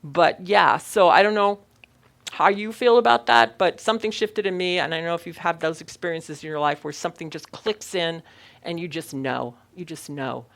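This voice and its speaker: Woman minister, middle-aged, gravelly, earnest storyteller who laughs easily. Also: on the low side, normal speed. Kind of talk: Sunday sermon talk.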